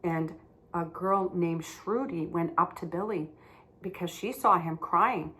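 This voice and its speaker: A woman teaching young children, speaking gently, with simple, repeated words. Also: on the low side, a little slow.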